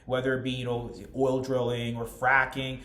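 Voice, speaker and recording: A young man giving a class presentation, reading from notes and then explaining in his own words, earnest and steady with frequent restarts and fillers. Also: mid-range voice, moderate pace, roomy sound. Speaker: student presenter.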